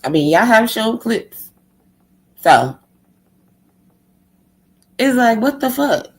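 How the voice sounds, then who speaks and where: A woman's voice: fairly high pitch, big pitch swings, takes it slowly. Profane, heated woman ranting on stream. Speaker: live-stream host.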